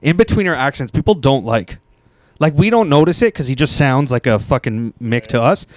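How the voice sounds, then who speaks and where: A man hosting a podcast in casual chat, agreeable and quick to laugh. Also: mid-range voice, lively intonation, no echo, clean studio sound. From Canada. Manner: laughs easily, lots of agreeing fillers. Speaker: podcast host.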